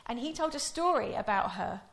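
A woman's voice: a little high, animated, fairly quick, creaky. A woman preaching a sermon, telling stories in a chatty way before leading a prayer. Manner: chatty storytelling, laughing often.

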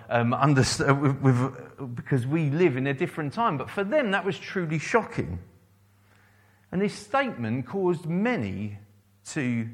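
A man preaching a sermon, quoting scripture and repeating key phrases for emphasis. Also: a little high.

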